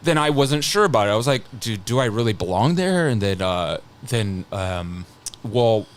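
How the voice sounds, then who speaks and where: A man in his thirties talks through a story as a podcast guest, his voice sitting a bit low. He rambles and stops and restarts constantly, dropping casual curse words as he goes. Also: big pitch swings. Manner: rambling, halting, with frequent restarts and casual swearing. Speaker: podcast guest, scare actor.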